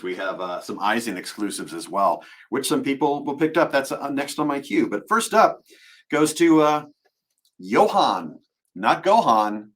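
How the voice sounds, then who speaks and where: The speaker is a male voice actor whose voice sits low with a bit of brightness. He banters casually on a livestream while signing autographs, playful and self-deprecating.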